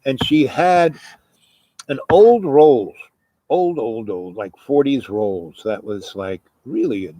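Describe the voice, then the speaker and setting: A man's voice: medium pitch, lively intonation, slow pace, dark tone, no echo. A man telling a long, rambling personal story, full of asides and trailing fillers. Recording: noisy background hiss.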